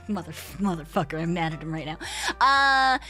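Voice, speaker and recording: A woman's voice: lowish voice, lively intonation, moderate pace, sharp tone, faint music behind. A young woman, streaming and telling a rambling story in casual chat, swearing freely. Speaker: VTuber streamer.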